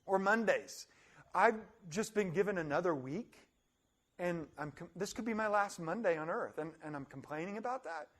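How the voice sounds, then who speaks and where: A young adult man giving a motivational talk, animated, acting out complainers in high voices. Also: normal speed. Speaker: motivational speaker.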